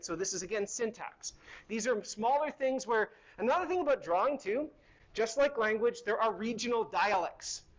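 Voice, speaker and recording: A man's voice: high voice, fairly bright tone, dull audio. A middle-aged man teaching a university chemistry lecture in a hall, conversational and asking the class questions as he goes.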